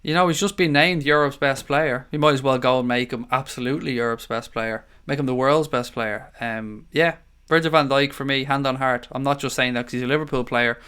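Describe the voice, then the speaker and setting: A man's voice: medium pitch, brisk, sharp tone, clean tone. Chatty Irish man hosting a stream. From Ireland. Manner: chatty, rambling, calls viewers mate. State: tired. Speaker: livestream host. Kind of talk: casual live stream chat reading comments.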